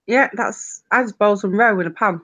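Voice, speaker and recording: A woman's voice: medium pitch, normal speed, pushed and bright. A woman joining a casual live-stream chat with short remarks.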